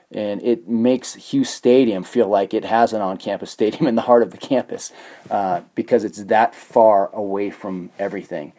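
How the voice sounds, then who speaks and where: A man's voice: lowish voice, warm tone. A middle-aged man hosting a sports talk show, telling a trip story in a loose, rambling way with many restarts. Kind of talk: casual radio talk with live read ad.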